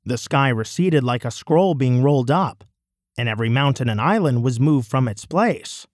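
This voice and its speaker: A man giving a measured, solemn, declamatory scripture reading. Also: medium pitch, expressive, dry recording, studio quality. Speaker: scripture reader.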